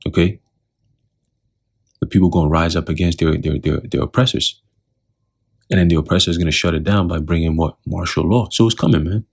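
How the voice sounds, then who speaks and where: A man's voice: low-pitched, steady tone, fairly quick, gravelly, pauses often, a little mellow, husky. A man teaching scripture in a loose, talkative way, often putting questions to the listener.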